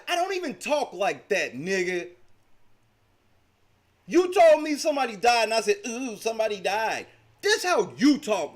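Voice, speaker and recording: High, lively, taunting man. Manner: profane, taunting, mocking. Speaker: livestream host. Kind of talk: heated livestream argument.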